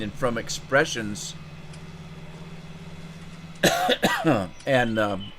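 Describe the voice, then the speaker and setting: A man streams a farming game and tells a loose, rambling anecdote, chuckling and repeating himself, then greets his chat. His voice is mid-range, and there's background noise.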